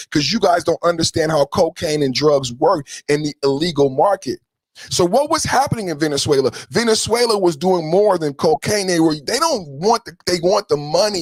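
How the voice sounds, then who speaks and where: A man hosts a political livestream, his voice sitting fairly high and recorded dry and close with no room sound. He scolds his chat with profanity and hammers points through repetition. He swings between loud outbursts and low, bitter asides. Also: no room sound. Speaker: podcast host.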